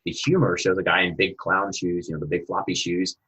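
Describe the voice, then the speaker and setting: Deep, husky-voiced man telling stories. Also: fairly quick, low-quality recording. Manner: animated storyteller. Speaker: guest coach developer. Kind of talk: conversational interview.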